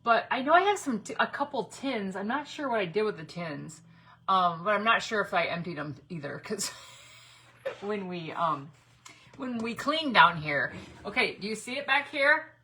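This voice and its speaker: Woman, middle-aged, chatty folksy craft-stream host, bright voice. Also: mid-range voice, animated, normal speed, slight background noise, rough recording. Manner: chatty, folksy, talks to viewers by name. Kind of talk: casual live-stream chat.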